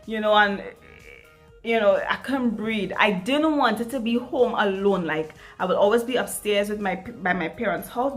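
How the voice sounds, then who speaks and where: A woman's voice: medium pitch, a bit bright. A young adult woman from Trinidad, telling a story in a chatty vlog, emphatic and full of repeats. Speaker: vlogger. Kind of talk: get-ready-with-me chat vlog.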